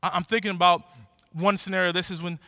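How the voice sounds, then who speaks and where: A man in his forties preaching a sermon in a lively, conversational way, often restarting his words. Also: sits high, quick pace, no room sound, clean studio sound. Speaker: pastor.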